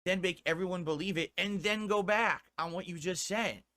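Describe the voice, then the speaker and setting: A man from the United States rants on a stream in a higher-than-usual, bright, pushing voice. He sounds indignant and swears freely. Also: moderate pace. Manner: indignant, profane ranting. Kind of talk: ranting commentary on a stream.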